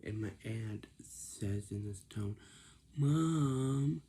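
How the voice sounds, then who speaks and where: A man's voice: on the low side, slow, vocal fry, mellow, slightly rough. A man telling a casual, rambling story, often stopping to repeat and correct himself.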